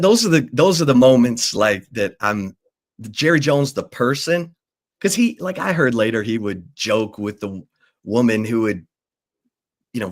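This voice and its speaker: Talk-show host, male, lower register, anecdotal storyteller who mimics the people he quotes. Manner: acts out quoted people in changing voices. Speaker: sports talk host and former reporter. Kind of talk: animated storytelling.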